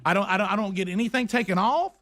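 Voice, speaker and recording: A man's voice: high-pitched, racing, a bit bright. A man hosting a radio talk show, telling stories in an emphatic, exasperated way with lots of restarts. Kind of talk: animated talk radio storytelling. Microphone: studio microphone.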